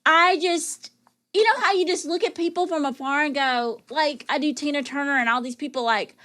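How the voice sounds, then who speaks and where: A woman from Tennessee co-hosts a chatty podcast. Her voice sits high and sounds bright. She talks in gushing, rambling runs, full of y'all and like. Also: normal speed. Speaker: podcast co-host. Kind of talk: casual chat.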